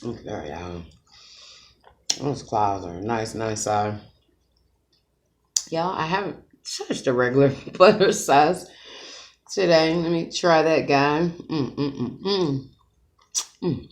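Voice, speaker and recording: A woman's voice: a bass voice, takes it slowly, long pauses. A woman vlogging while she eats, chatting to her viewers as y'all and humming with pleasure between bites. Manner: chatty, addresses viewers as y'all, savoring hums while eating. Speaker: mukbang vlogger. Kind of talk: casual eating vlog talk to viewers.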